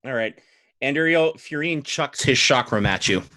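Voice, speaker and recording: Guy dm running a tabletop game, bright voice, super dry close mic. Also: mid-range voice, moderate pace, no echo. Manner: relaxed, guiding, laughs often. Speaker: dungeon master.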